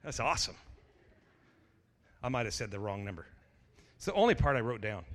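A man preaching an energetic sermon as pastor, full of stammered restarts, jokey asides and sudden shouted exclamations. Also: fairly low pitch, a little fast, in a large hall.

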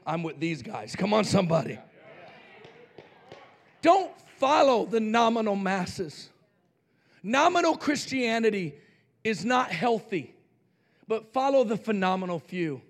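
A male pastor preaching a sermon fervently, swinging between loud shouts and near-whispers. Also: high voice, very animated, unhurried, vocal fry, pauses often.

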